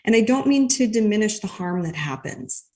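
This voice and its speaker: A woman guest explaining her ideas in a thoughtful, measured way during a conversation. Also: mid-range voice, lively intonation, dark tone. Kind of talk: conversational interview.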